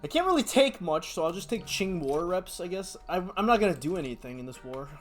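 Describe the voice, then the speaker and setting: Excitable young gamer guy, lively pitch. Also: a little fast, soft background music. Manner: excitable, laughs often, hypes up his audience. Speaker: gaming YouTuber. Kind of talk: strategy game commentary.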